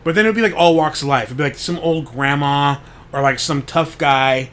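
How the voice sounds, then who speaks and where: Here a podcast host speaks at a normal pace in a fairly high, slightly bright voice. His story wanders in a relaxed monologue, packed with "like" and frequent cursing.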